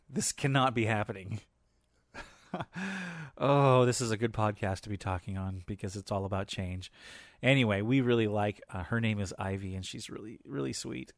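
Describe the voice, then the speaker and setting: A man in his forties chats through a relaxed podcast episode. His voice sits low, and he rambles through family stories with plenty of "uh" and "you know." The sound is dry and close, with no room around it. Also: no room sound. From US Pacific Northwest. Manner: rambling, chatty storytelling with many fillers. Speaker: podcast host. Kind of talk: casual personal chat.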